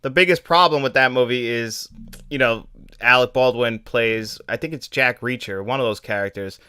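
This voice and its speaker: A man co-hosting a film podcast in loose, casual conversation, his voice bright and forward. He gets animated and laughs often, trailing off and circling back mid-sentence. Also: medium pitch, normal speed, clean tone. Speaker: podcast co-host.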